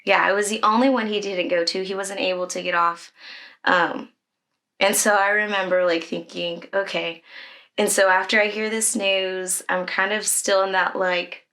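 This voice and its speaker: A woman's voice: medium pitch, steady tone, normal speed, bright, forceful tone. A woman who leads children's ministry, telling a personal story in a conversation, candid and emotional, with many fillers.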